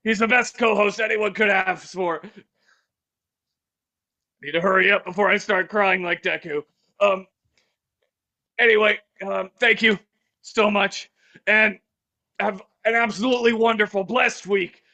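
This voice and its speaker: A man doing a gruff teen anime hero with a gravelly, high, bright rasp who gushes tenderly and keeps choking up. It's improv comedy. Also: steady tone, a little slow, pauses often, heavily acted. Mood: gushing. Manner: gushing, sentimental, choking up.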